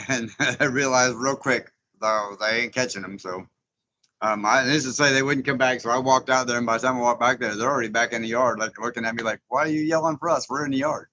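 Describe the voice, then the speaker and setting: A man's voice: mid-range voice, fairly even intonation, a little fast, pushed and bright, a little hiss or hum, poor audio. A man hosting a casual live stream, folksy and chatty, often chuckling as he greets viewers.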